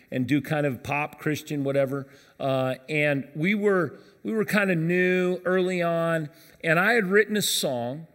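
A pastor preaching in a big reverberant hall. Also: male voice, a little high. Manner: storytelling, conversational with humor. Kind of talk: sermon. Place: church auditorium. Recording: church hall with long reverb.

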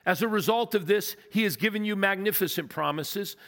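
A man's voice: sits high, brisk, a bit bright. A man delivering a sermon to a congregation, in a conversational and emphatic manner with rhetorical questions. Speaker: guest preacher. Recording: long hall reverb.

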